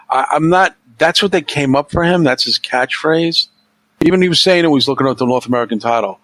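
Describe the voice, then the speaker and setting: A middle-aged man talks in loose podcast chat, blunt and opinionated, cursing as he goes. His voice sits at a middle pitch and sounds dry and close to the mic, with no room around it. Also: expressive, fairly quick, a bit bright, no echo, low-quality recording. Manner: blunt and opinionated, swears freely. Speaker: podcast host. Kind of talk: casual chat.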